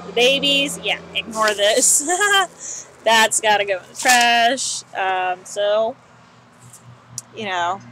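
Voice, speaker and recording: Chatty bright-voiced woman on a balcony. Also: fairly high pitch, lively intonation, slow pace, slight background noise, rough recording. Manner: chatty, self-mocking, rambling with many fillers. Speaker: vlogger. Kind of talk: casual chat. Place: outdoor balcony.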